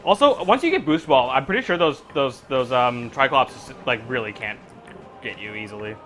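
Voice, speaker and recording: A man with a North American accent commenting casually on his own live speedrun, often halting and repeating words while he plays. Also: medium pitch, animated, a bit bright, faint music behind.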